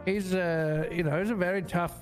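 A man's voice: sits high, steady tone, moderate pace, over loud music. A man playing a therapy client in an improvised role-play, hesitant and earnest, with lots of fillers.

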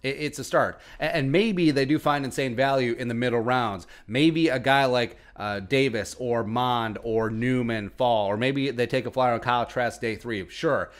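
A man's voice: medium pitch, normal speed, hardly any pauses. A man hosting a sports podcast, giving casual, sarcastic commentary with joking asides. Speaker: podcast host.

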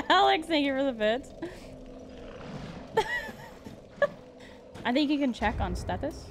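Giggly high-voiced woman streaming. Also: slow pace, background noise. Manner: giggly, reads chat aloud, excitable outbursts. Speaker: streamer playing a game. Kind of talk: casual live-stream chat.

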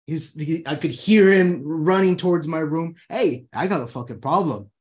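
A man's voice: fairly high pitch, moderate pace, a little mellow. A man hosting his own talk show from his room, talking casually and animatedly, swearing freely and acting out people's inner thoughts. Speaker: host.

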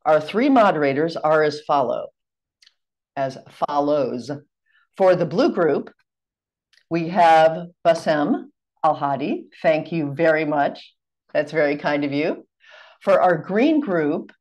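A low-pitched American woman guides a group through an exercise in a calm, orderly way. She speaks carefully and politely, with a deeper voice for a woman, over a video call microphone. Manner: measured, clear, courteous. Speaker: seminar facilitator. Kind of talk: giving instructions on a video call seminar.

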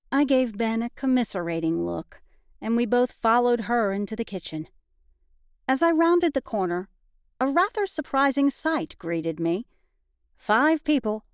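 A woman audiobook narrator reading a first-person cozy mystery in an even, conversational storytelling manner. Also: on the high side, no echo, studio quality.

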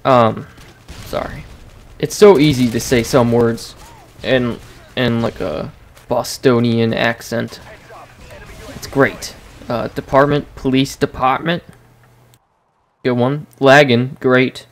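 Male gaming host, mid-pitched, gravelly edge, loose chatty play-by-play commentary. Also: fairly even intonation, slow pace, pauses often, slight background noise. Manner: chatty, rambling, reacts to the match while talking. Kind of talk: casual gameplay commentary. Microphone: desk microphone.

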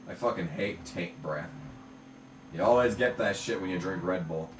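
A man giving let's play commentary while racing, ranting and swearing, now and then bursting into shouts at the game. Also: low voice, normal speed, echoey room, recorded from a distance, a little hiss or hum. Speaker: gamer commentating his own play.

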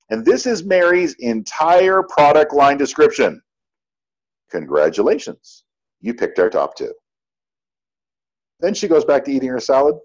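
Through a muffled recording, a man with a medium-pitched voice leads an upbeat sales training session for network marketing. He spins lively stories and plays every role in the dialogues himself.

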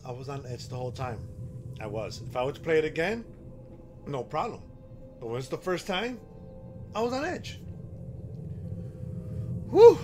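A man hosting a horror game playthrough, reacting excitably and talking to himself as he plays. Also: mid-range voice. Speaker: gaming channel host.

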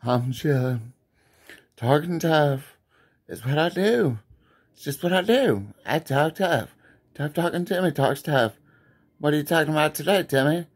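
A swaggering tough guy who talks slowly and flatly, as a man puts him on. He sounds cool and unbothered, leaning into every tough-sounding word. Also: a little high, breathy edge.

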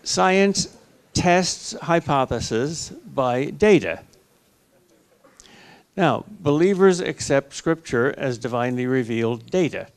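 A man's voice: mid-range voice, lively intonation, slow. An older American man, a philosophy professor, explaining his ideas in steps at a public university forum, with a dry joke now and then. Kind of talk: lecturing answer at a public forum. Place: university lecture hall.

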